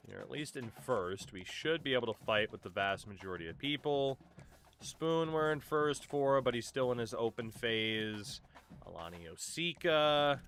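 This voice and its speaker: A man's voice: fairly low pitch, fairly bright tone. A man streaming a sports video game, chatting casually with his viewers and joking around, often laughing. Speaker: gaming streamer. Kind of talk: casual live-stream commentary.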